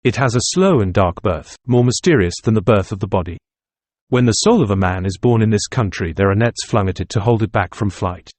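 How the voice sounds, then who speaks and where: A man's voice: fairly low pitch, expressive, a little fast, a little mellow, no room sound. A man voicing a proud, aloof young male student who speaks in a cutting, intense way, in an audiobook reading. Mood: brooding.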